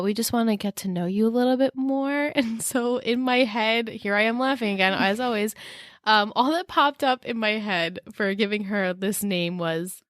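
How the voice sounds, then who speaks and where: A woman co-hosts a podcast, chatting casually and laughing often. Her voice is medium-pitched and fairly bright, captured as clean studio sound with no room echo.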